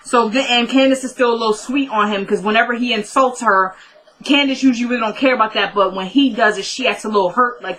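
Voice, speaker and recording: A woman's voice: fairly high pitch, quick pace, sharp tone, poor audio. A woman giving a casual, chatty recap of a TV episode, retelling scenes line by line and adding opinionated asides. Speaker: TV recap vlogger.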